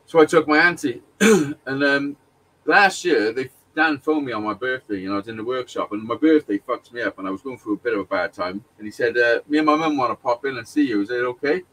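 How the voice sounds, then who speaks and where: A man's voice: medium pitch, brisk, a bit bright, far from the mic, poor audio. A man telling a long personal story in casual chat, sweary and rambling, with frequent restarts and laughs.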